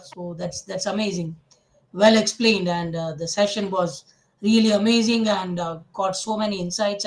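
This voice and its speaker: A man's voice: high voice, rough recording. A man with an Indian English accent, hosting an interview, effusive with praise and often restarting his phrases. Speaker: interview host. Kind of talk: casual interview chat.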